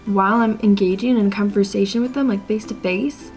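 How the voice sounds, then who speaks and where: A young woman talking straight to camera in a casual rant, exasperated and chatty, leaning on "like" between thoughts. Her pitch sits in a middling range. Soft music plays faintly underneath. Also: a little fast, creaky, hardly any pauses. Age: young adult. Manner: exasperated, chatty, heavy use of "like", mock-quotes people. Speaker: vlogger. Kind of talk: casual ranting vlog.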